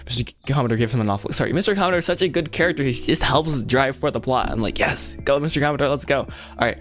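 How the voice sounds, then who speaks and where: Young male streamer, loose and chatty, laughs a lot, pokes fun at himself, average pitch. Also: expressive, racing, fairly bright tone, soft background music. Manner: rambling, self-deprecating, laughs often. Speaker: livestreaming writer. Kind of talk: casual livestream chat while writing.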